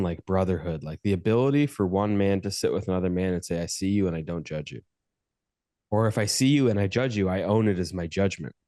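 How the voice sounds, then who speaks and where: A man's voice: low-pitched, warm tone, no room sound, clean studio sound. A man hosting a podcast as a coach, speaking in a heartfelt, reflective way. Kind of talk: casual conversation.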